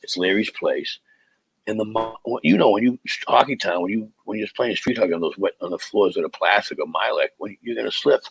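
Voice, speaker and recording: Middle-aged comic host, deep husky voice, dry close sound, loose stop-start storytelling. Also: male voice, brisk, dry recording, low-quality recording. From Boston area, USA. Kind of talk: casual live podcast chat.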